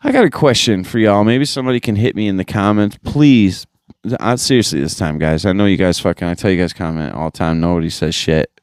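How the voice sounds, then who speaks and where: A man hosts a podcast in a slangy, loose and profane chat, talking straight into a podcast microphone. His voice sits fairly low and comes through smooth and clean. The sound is close and dry. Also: a little fast, no room sound. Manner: laid-back and profane, full of slang and fillers. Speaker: podcast host. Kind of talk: casual chat.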